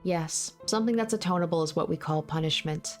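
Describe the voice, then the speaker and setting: A woman reading aloud from a visual novel and voicing a calm young woman fighter who speaks quietly and with resignation. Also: fairly low pitch, brisk, faint music behind, natural voice. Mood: resigned.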